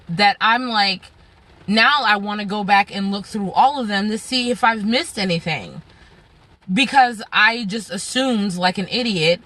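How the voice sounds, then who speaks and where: A woman's voice: medium pitch, a bit bright. Frustrated woman venting to camera. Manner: frustrated, exasperated storytelling. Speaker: vlogger. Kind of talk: casual venting vlog.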